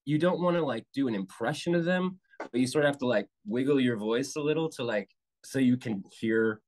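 A man chatting casually on a podcast, animated and swearing, his voice jumping up when he gets excited. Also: medium pitch, fairly quick, poor audio.

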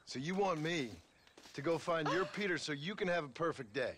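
An actor voicing a weary frontier cowboy in a video game, speaking curtly and dryly. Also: male voice, fairly high pitch, a little fast, background noise, lightly acted. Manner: curt, dry.

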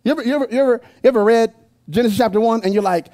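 A pastor preaching in a church, his voice sitting high for a man. The tone is mellow and warm, never sharp. He keeps it casual and joking, throwing asides at the crowd into a handheld mic. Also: rapid-fire. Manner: conversational and playful, with asides and jokes to the congregation. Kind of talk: sermon. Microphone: handheld microphone.

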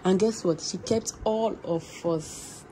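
A woman's voice: medium pitch, slow, slight background noise. A young woman chatting casually to her vlog audience. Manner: chatty, laughing, animated. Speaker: vlogger.

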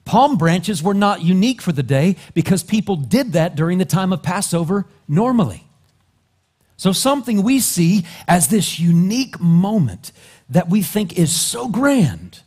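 A male pastor preaching a sermon, dropping to soft, low asides and then climbing into loud, rising exhortation. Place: church sanctuary.

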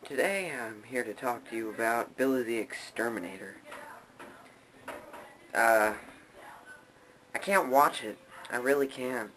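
A man's voice: mid-range voice, a little slow, long pauses, a bit bright, a little hiss or hum, low-quality recording. A man hosting a casual joking vlog, rambling offhandedly. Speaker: vlogger.

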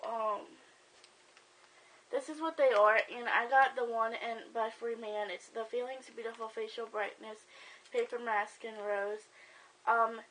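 A woman's voice: on the high side, a bit bright, low-quality recording. A young woman chatting casually in a vlog, rambling with lots of "um" and "like" as she shows gift ideas. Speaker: beauty vlogger.

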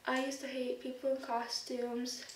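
A woman with a high, light voice chats on and on to her camera, stringing thoughts together with plenty of fillers. She sits some way off from the mic in a room at home that gives her voice a roomy echo, with a faint hiss underneath. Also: little pitch movement, a little slow, recorded from a distance. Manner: rambling, chatty, many fillers. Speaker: vlogger. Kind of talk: casual chat to camera.

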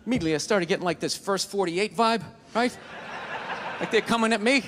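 A man doing a stand-up set, telling an animated story and acting out the voices. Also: high voice, a little fast, big-room sound, a little hiss or hum. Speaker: stand-up comedian.

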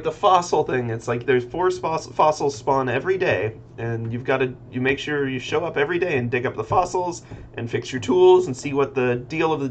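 A man streaming casual chat, rambling about games and muttering to himself as he works on a computer. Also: mid-range voice. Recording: slightly dull lo-fi audio with faint noise.

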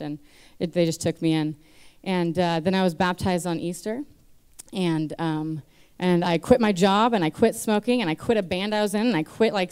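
Young woman, 20s, church testimony; smooth clear tone, nervous and chatty, lots of fillers. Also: medium pitch, darkish tone. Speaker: church member giving testimony. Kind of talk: personal testimony. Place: church stage.

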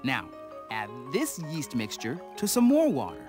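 A man's voice: medium pitch, wildly swooping pitch, unhurried, loud music behind the voice. A man hosting a children's educational TV show, talking playfully straight to the viewer. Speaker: host. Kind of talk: children's TV presenting.

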